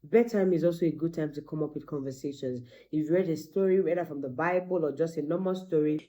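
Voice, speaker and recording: Teacher mom, mellow warm voice, lively, acts out little quotes. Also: female voice, on the low side. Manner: animated, acts out quoted dialogue. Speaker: teacher and parent. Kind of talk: parenting advice talk.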